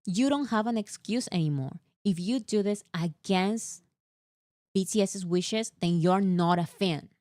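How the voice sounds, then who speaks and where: A woman co-hosting a casual fan chat, talking in an animated, exasperated way with lots of fillers. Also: mid-range voice, a little slow, dry recording, clean studio sound. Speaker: co-host.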